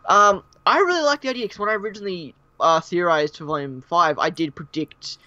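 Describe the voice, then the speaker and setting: A man's voice: high voice, brisk, bright, forceful tone, no room sound. A man with an Australian accent hosting a casual fan discussion live stream, rambling and speculative with frequent restarts. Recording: dull, dry lo-fi mic.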